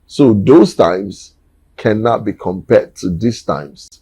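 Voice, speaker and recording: A man's voice: fairly low pitch, animated, slow pace, mellow, slightly rough, dry recording, poor audio. A man, giving an emphatic, preachy opinion monologue and repeating words for emphasis. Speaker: commentator.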